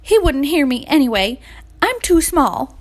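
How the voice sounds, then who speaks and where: A woman's voice: high-pitched, big pitch swings, unhurried, pitched above the performer's own voice. A woman voicing a small, shy hen in a storybook, timid and unsure. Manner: timid, quiet self-doubt.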